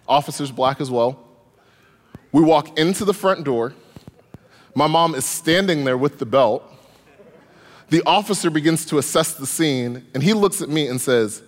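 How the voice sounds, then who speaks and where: A young adult man telling a comic story on stage, animated and lively in delivery. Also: fairly high pitch, normal speed, long pauses. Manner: animated, comic, rising in excitement. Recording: long hall reverb.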